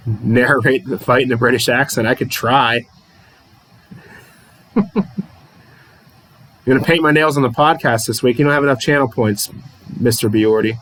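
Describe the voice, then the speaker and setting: A man's voice: mid-range voice, moderate pace, pauses often, a bit bright, slight background noise, poor audio. A man from the Pittsburgh area hosting a livestream, calling a tabletop wrestling card game play by play, reading chat and laughing often at himself. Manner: chatty, laughs often, self-deprecating.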